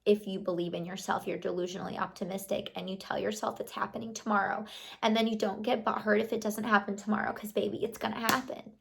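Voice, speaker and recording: A woman's voice: medium pitch, level tone, fast, vocal fry. Mom vlogger lady in her 30s, gushy pep talk, like, you know, loves on her viewers. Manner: warm, chatty, affirming, with fillers like "like" and "you know". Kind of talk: casual motivational chat to camera.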